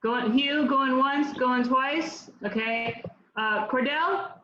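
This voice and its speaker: Slow woman calling roll on a roomy call. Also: sits high. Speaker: board secretary calling roll. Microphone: video call. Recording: roomy, muffled call with faint noise.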